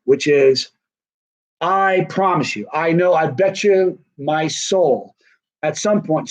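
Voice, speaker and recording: A man's voice: fairly high pitch, breathy edge. A middle-aged man telling a personal story in a rambling, conversational way with many fillers. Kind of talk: casual storytelling. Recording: dull lo-fi recording.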